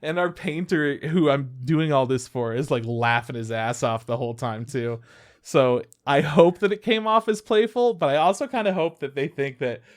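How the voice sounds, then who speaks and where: A man's voice: on the high side, moderate pace. A young adult man co-hosting a podcast, chatting casually and acting out quotes as he tells stories. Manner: animated storyteller, acts out quotes, swears freely. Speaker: podcast co-host. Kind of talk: casual chat.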